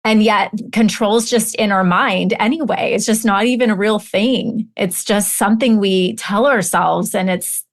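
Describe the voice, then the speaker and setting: A woman's voice: medium pitch, a little slow, few pauses. A middle-aged woman hosting a podcast, thinking aloud and affirming her guest in a reflective way. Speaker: podcast host, business coach. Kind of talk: conversational interview.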